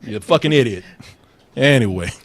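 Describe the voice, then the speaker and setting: A man hosting a comedic commentary show, loud and profane, laughing often. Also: medium pitch, animated, a little fast. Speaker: show host.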